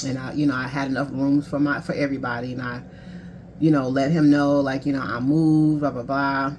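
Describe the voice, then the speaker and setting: Her voice extremely low and level, with a darkish tone and a brisk pace, a woman in her thirties who works as a life coach recounts a painful experience from her own life. She's candid, emotional and conversational, quoting what others said, over faint background noise.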